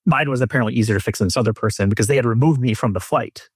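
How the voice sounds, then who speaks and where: A man hosting a podcast, telling a long travel story in casual chat, animated and swearing, and acting out the people in it. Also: mid-range voice, rapid-fire, breathy edge. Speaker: podcast host.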